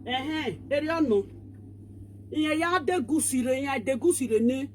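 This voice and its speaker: A woman's voice: sits high, expressive, moderate pace, a little mellow, a little hiss or hum. A woman with a Nigerian Pidgin accent, ranting and scolding in casual online commentary, switching between languages.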